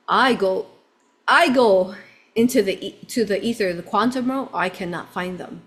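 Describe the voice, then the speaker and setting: Woman, spiritual channeler, telling a personal story live; expressive, drops to a hush and then rises with excitement. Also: fairly high pitch, normal speed. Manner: expressive, swinging between hushed and excited.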